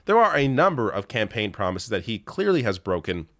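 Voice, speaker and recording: A man's voice: on the low side, very animated, brisk, fairly bright tone, dry recording, studio quality. A man hosting a political commentary show, talking in an exasperated, sarcastic way and rattling off lists of names and figures.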